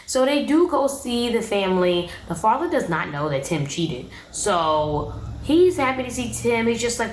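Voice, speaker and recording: A woman's voice: a little high, big pitch swings, moderate pace, echoey room, slight background noise, poor audio. A young woman giving a casual, opinionated recap of a reality show in a slangy, chatty way.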